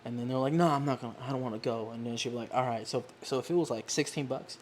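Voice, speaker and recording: Extremely low-pitched and rapid-fire, this young adult woman is a guest in casual conversation, seated on a couch in a living room. A faint hiss or hum sits under her animated storytelling, full of acted-out voices and frequent laughter.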